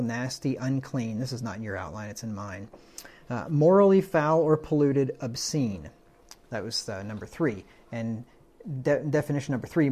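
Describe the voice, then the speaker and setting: A man's voice: medium pitch, darkish tone. A man preaching a conversational Bible-study sermon, often asking his listeners "right?" and reading verses aloud. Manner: conversational, quotes scripture, asks the room "right?".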